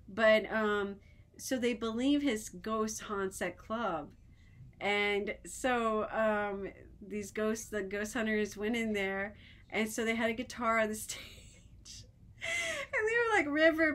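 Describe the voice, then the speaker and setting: A woman chatting casually to camera, telling funny stories with lots of fillers and restarts, and often laughing. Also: fairly high pitch. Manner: giggly, animated, breaks into laughter. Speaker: vlogger.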